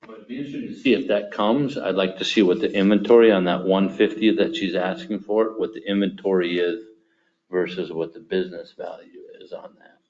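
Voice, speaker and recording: A man's voice: low-pitched, fairly even intonation, fairly quick, darkish tone. A man on a local board talking through a loan question in a practical, questioning way. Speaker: board member. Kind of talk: casual meeting discussion. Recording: dull lo-fi meeting recording.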